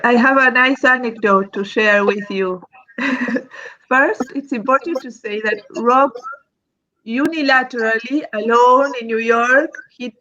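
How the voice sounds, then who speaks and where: Woman telling a story over a video call, laughs a lot, kinda high voice, dull muffled sound. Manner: lively, often laughing as she tells stories. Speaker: museum director. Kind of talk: anecdotal storytelling in a live conversation.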